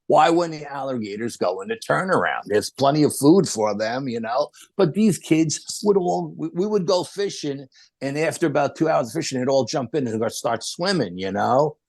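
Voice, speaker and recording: A man spins a yarn as a podcast guest, jumping into the voices of the people in his story. His voice is gravelly and rough, and the sound is close and dry with no room around it. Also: mid-range voice, moderate pace, no echo. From New York. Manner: animated, acts out the voices of people in his stories. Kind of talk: storytelling in a casual interview.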